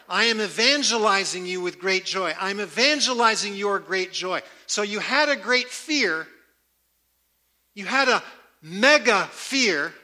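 A man preaching a sermon, emphatic and repeating key words with slow, deliberate stress. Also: high voice, bright, forceful tone. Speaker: pastor.

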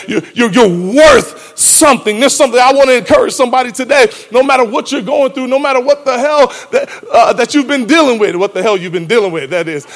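A woman preaching a lively sermon, emphatic and often shouting, laughing between lines and calling out to the congregation. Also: a little high, a little fast.

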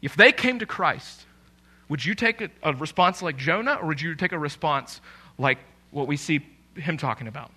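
High-voiced, bright male preacher. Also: normal speed. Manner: animated, conversational preaching with emphatic rises. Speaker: pastor. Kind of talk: sermon.

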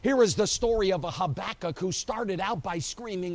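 Man, pastor, somewhat high-pitched, animated sermon, acts out quotes, church service. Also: moderate pace, no echo. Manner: animated storytelling, acting out quotes, frequent "you know" fillers. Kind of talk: preaching a sermon. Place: church during an evening service.

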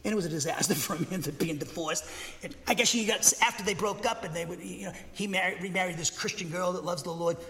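A man's voice: high-pitched, fast talker, sharp tone, in a large hall. A man preaching a sermon as a pastor, with an emphatic, rambling way of talking and frequent self-corrections.

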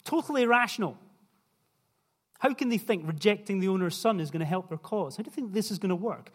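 A man's voice: sits high, animated, fast, slightly rough. A young man preaching a sermon in a conversational way, putting questions to the listeners. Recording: long hall reverb.

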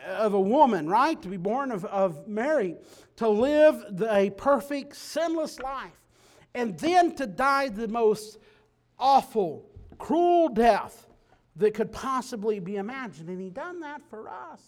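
A man preaching a sermon, dropping low and quiet then rising to loud, emphatic declarations. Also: very animated, takes it slowly.

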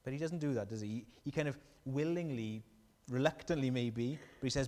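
A man preaching a sermon, animated and storytelling, asking the congregation questions. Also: mid-range voice, fairly quick, in a large hall.

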